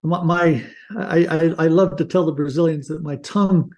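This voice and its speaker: An older man speaks as a guest in a relaxed interview, earnest and reflective. His voice sits a little high for a man but sounds soft and mellow. He restarts a phrase now and then as he recalls things. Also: normal speed. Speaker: guest author. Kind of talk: casual interview talk.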